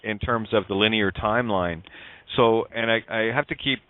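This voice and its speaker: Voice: medium pitch, moderate pace, no room sound. A radio show host explaining ideas at length in rambling call-in talk, on a phone-like line. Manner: rambling, wordplay-driven explanations. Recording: dry tinny phone-like line.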